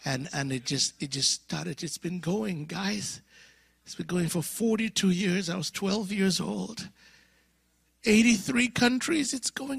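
A man in his fifties from Africa preaches in a storytelling style. He acts out the voices in his story and sometimes drops into whispers. His voice is a little high, bright and gravelly, with a husky edge and a dry close sound. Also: unhurried, dry recording. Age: 50s. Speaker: guest preacher. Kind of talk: storytelling sermon. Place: church conference.

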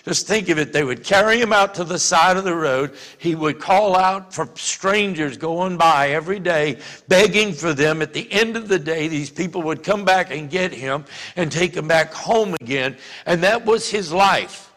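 High bright-voiced preacher in a hall. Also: male voice, normal speed, hardly any pauses. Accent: Louisiana. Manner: conversational preaching with many restarts, rising to shouts. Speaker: pastor. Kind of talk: sermon.

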